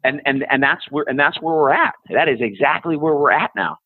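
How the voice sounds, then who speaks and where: A blunt man in his fifties rants through a tinny, phone-like line, his voice dry and close. He talks in a fairly high, husky register, profane and sarcastic. He mocks people as he goes. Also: fairly quick, no echo. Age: 50s. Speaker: podcast guest. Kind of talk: ranting casual conversation.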